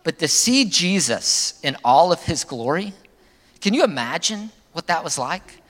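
Man preaching in a reverberant hall. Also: measured pace. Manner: animated preaching, pitch swinging up for emphasis and dropping low at phrase ends. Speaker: pastor. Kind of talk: sermon.

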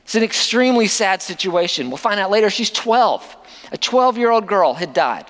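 A man's voice: high-pitched, animated, moderate pace, a bit bright, in a large hall. A man preaching a sermon as a pastor, conversational, with many rhetorical questions to the congregation.

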